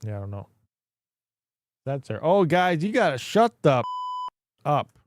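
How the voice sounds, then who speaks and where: A man's voice: fairly high pitch, sing-song, measured pace, no echo, clean studio sound, soft background music. A man hosting a casual livestream, rambling, thinking aloud and laughing often. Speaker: crypto mining livestream host.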